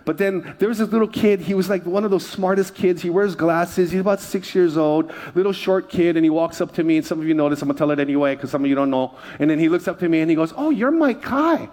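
A man's voice: on the high side, fairly even intonation, fast talker, few pauses, a little mellow. A man preaching a sermon to his church, conversational and joking with the congregation. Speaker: pastor.

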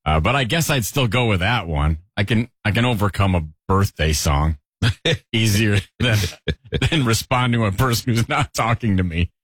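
Deep-ish husky guy chatting slow, dry close sound. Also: animated, fairly bright tone, dry recording. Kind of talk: casual group banter.

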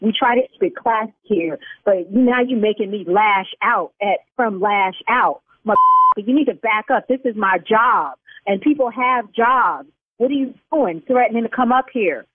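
A woman's voice: mid-range voice, measured pace, dry recording. A woman running a salon, talking in on a phone call. She turns sassy and scolding and snaps back hard. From Chicago South Side. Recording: dry tinny phone line.

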